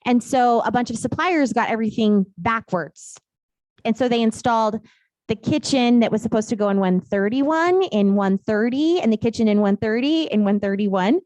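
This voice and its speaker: A woman's voice: fairly high pitch, normal speed, darkish tone, no echo. A woman teaching a real estate class in a casual, chatty way, telling stories and laughing often.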